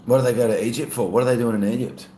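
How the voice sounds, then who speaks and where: A man's voice: medium pitch, very fast, echoey room, slight background noise. A man with an Australian accent, chatting casually on a live stream and reading out viewer comments. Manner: relaxed, chatty, laughs often.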